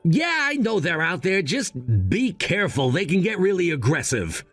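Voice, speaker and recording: A man voicing a calm, scheming son. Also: high-pitched, normal speed, no echo, faint music behind, exaggerated voice. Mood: firm. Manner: cool, firm, lecturing.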